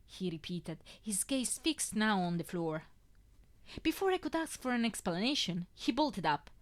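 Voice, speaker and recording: A woman's voice: lowish voice, expressive, a little slow. Woman reading a first-person story. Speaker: fanfiction reader.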